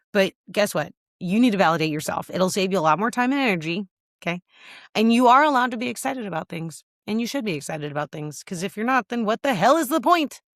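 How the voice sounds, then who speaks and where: A woman's voice: medium pitch, a bit bright, no room sound, clean studio sound. Chatty woman podcast host, tearing up. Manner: chatty and candid, lots of "like" and "um". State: teary. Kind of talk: casual solo video check-in.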